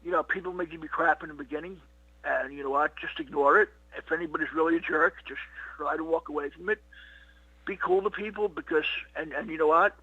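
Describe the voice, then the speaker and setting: Husky bright-voiced middle-aged comedian. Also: male voice, a little high, a little fast, dry recording. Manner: rambling, fills with "you know what" and "he goes". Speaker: comedian guest. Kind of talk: casual interview storytelling. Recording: dull lo-fi dry recording.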